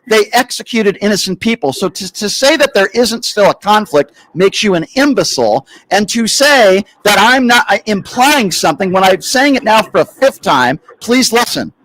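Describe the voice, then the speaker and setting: Guy hosting a call-in show, talks down to callers, fairly high pitched, dry sound. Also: big pitch swings, fairly bright tone, no room sound, rough recording. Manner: condescending, insulting, deliberately slow and repetitive. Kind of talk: political call-in talk show.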